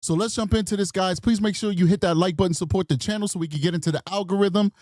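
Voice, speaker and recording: A man's voice: high-pitched, fast talker, a little mellow, no room sound, clean studio sound. A man hosting a true crime show in casual, rambling commentary, chatty with apologetic asides. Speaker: true crime podcast host.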